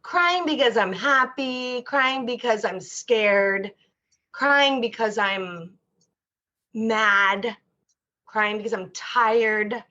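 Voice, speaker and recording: A woman's voice: fairly high pitch, extremely slow, bright, forceful tone. A woman guest, a therapist, talking openly and at length in a candid interview, full of fillers and restarts. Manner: open and heartfelt, rambling with many fillers. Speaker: guest, mental health therapist. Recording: dull lo-fi sound.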